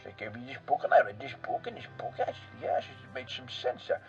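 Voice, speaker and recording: A man's voice: mid-range voice, quick pace, creaky, dull audio, soft background music, close to an everyday voice. A man playing a rambling, boastful European man who pokes fun at himself, in a comic character monologue full of fillers and asides.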